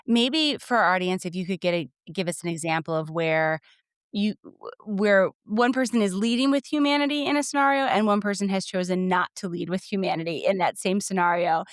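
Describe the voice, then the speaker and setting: A woman's voice: mid-range voice, dry recording, studio quality. Friendly woman hosting a podcast. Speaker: podcast host. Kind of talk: interview questions.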